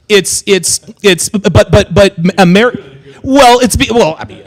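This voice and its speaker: An American man hosts a casual livestream chat in a high-pitched voice, speaking a little slowly on a rough recording with no echo. He's animated and joking, restarting his sentences often.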